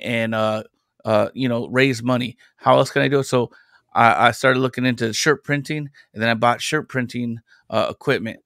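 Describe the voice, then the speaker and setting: Gravelly-voiced man telling a rambling story. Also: medium pitch, a bit bright, no echo, studio quality. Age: adult parent. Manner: rambling storyteller, loose and conversational. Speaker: podcast guest, independent comic creator. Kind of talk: casual chat.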